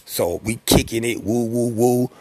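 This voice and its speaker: A man's voice: medium pitch, unhurried, warm tone, slightly rough, dry recording. A man, a rapper, casually telling a slangy, profane story from his life and acting out the voices of the people in it. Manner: slangy, profane, streetwise delivery; acts out quoted voices.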